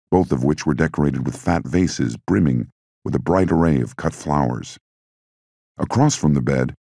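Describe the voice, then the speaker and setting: A man giving measured, scripted audiobook narration into a close mic. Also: very deep voice, creaky, warm tone, no room sound.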